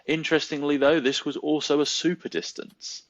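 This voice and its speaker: A man's voice: fairly high pitch, steady tone, brisk, no room sound, muffled recording. A man hosting a casual sports podcast, rambling through results with many ums and teasing his co-host.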